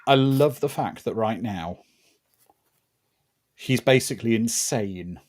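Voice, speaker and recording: A man's voice: medium pitch, takes it slowly, darkish tone. A man co-hosting a casual watch-party chat, dropping dry, wry remarks. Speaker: co-host.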